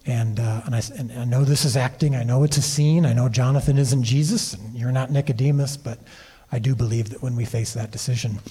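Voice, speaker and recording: The speaker, a TV series creator and director, is an interview guest on a convention stage telling animated behind-the-scenes stories with many restarts. He talks a little fast in a mid-range, slightly rough voice.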